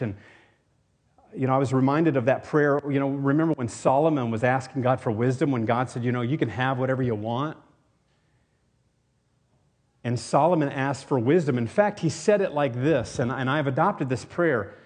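A man's voice: medium pitch, moderate pace, darkish tone. A man raised in Tennessee, preaching a sermon as pastor, earnest and rambling with many restarts. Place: church.

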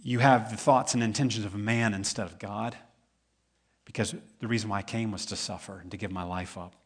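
A man from Tennessee, a pastor preaching a sermon in an animated, joking storytelling manner. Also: fairly low pitch, fairly quick, breathy edge.

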